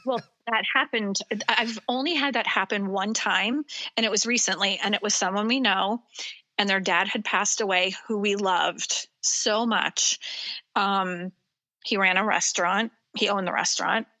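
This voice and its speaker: A woman psychic medium, a guest on an interview show, retelling a personal story in a halting way, with many ums and restarts. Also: medium pitch, pushed and bright.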